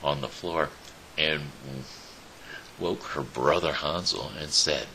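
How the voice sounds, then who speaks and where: A man reads a fairy tale aloud in a very deep, gravelly voice. He takes his time, stumbling and restarting now and then, and his tone has a bright, tight edge to it. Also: slight background noise, rough recording. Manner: slow, with small slips and restarts. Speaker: show host reading a story. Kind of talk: storybook reading.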